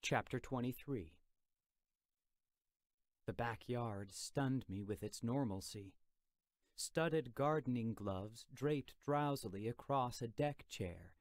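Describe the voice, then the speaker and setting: A male audiobook narrator with a medium pitch tells a first-person story in a controlled, expressive manner. The recording is dry, with a clean studio sound.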